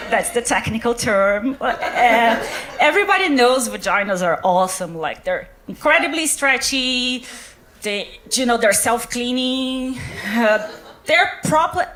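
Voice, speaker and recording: A woman in her thirties, a non-native English speaker who is an obstetrics and gynaecology doctor, performs a rambling, self-mocking stand-up set on a club stage before a live audience. Her voice is fairly high and fairly bright, and she's chatty, with many fillers.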